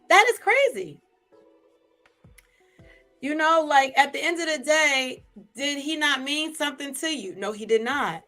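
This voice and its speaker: A woman vlogger, gossiping in casual commentary to a live chat, chatty and animated. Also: high-pitched, normal speed, faint music behind.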